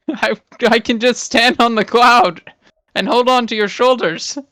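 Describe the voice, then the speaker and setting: A man's voice: very high voice, fairly even intonation, a little slow, sharp tone, no room sound. A man playing his character in a tabletop game, making dry, wry teasing remarks. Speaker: player.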